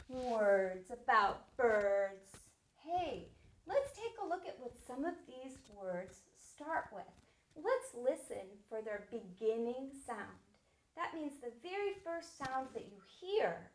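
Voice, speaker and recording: A middle-aged woman teacher leading a reading lesson for young children in a slow, sing-song, encouraging way. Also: a little high, animated, reverberant. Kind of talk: early-grade reading lesson.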